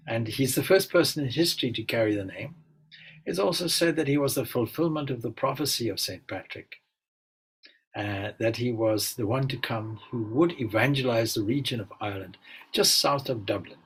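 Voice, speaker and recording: A man, a swami, giving an informal spiritual talk and telling stories in a relaxed, musing way with frequent asides. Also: medium pitch, moderate pace, breathy edge, poor audio. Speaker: swami leading a spiritual gathering.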